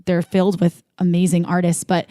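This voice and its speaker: A woman co-hosting a podcast in casual chat, talking in quick loose bursts with fillers and restarts. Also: fairly low pitch, completely flat delivery, dark tone, no room sound, clean studio sound. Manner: chatty, many fillers and restarts. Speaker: podcast co-host.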